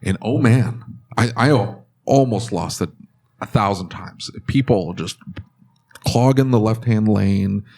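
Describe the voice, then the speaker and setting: A man co-hosting a casual podcast chat, telling stories with loud acted-out outbursts. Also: fairly low pitch, unhurried. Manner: animated storyteller, rants with loud acted-out outbursts. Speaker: podcast co-host.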